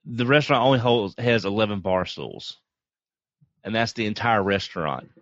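A man's voice: on the low side, moderate pace, a bit bright, no room sound. Man, hesitant, filler-heavy, dry, dull lo-fi sound. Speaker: podcast panelist. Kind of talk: casual anecdote chat.

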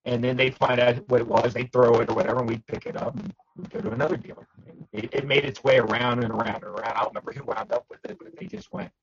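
A man on a podcast panel, telling casual stories with lively acted-out quotes. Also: medium pitch, fast, vocal fry, highs cut off, a little hiss or hum. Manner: animated storyteller, acts out quotes. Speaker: podcast panelist, toy dealer. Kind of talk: casual storytelling chat.

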